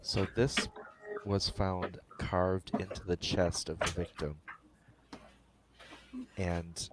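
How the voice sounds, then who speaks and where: A man playing in a tabletop role-playing game, asking halting, unsure questions. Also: low voice, level tone, heavy background noise. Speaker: player.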